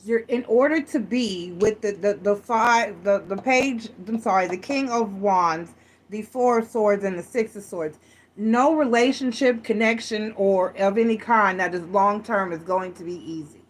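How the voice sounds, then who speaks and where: A woman's voice: mid-range voice, measured pace. A woman giving a casual tarot reading to camera, chatty and rambling, often correcting herself as she goes. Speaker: tarot reader.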